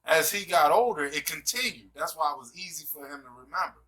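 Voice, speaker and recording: A man talks in an emphatic, preaching manner with a very bright, forceful tone. He keeps checking in with his listener as he builds his points. His voice sounds a little far from the mic. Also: fairly high pitch, expressive, brisk. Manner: emphatic, repeats "you see what I'm saying". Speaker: host. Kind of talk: casual discussion, preacher-like.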